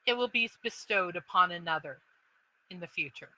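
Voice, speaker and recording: A woman's voice: fairly low pitch, lively intonation, normal speed, pushed and bright, voice pushed down, rough recording. A woman voicing a stern, protective female mother dragon who speaks in a grave, formal, demanding way. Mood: solemn.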